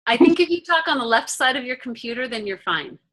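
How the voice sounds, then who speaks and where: A woman chiming in on a team video call with relaxed, helpful tips. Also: sits high, fairly quick. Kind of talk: casual chat on a video call.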